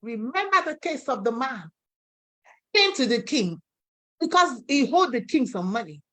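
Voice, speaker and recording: A woman's voice: sits high, very animated, measured pace, a bit bright. A woman with a Nigerian accent preaching an impassioned sermon, now and then acting out voices in the story she tells.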